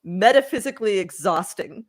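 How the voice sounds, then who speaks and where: A woman's voice: medium pitch, lively intonation, moderate pace. A woman co-hosting a podcast in casual chat, giggly and rambling, with lots of fillers and repeated words. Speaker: podcast co-host.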